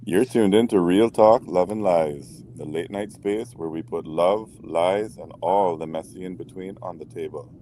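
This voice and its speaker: A man co-hosts a late-night podcast about relationships, playful in tone and given to stammering restarts as he gets over a cold. His voice is deep and mellow, at a normal speed with few pauses. There's slight background noise.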